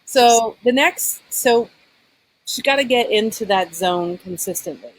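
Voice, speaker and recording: A woman coaching a caller on a talk show speaks earnestly, role-playing apologies to show example lines. Her voice is fairly high, animated, and a little slow. The recording is rough.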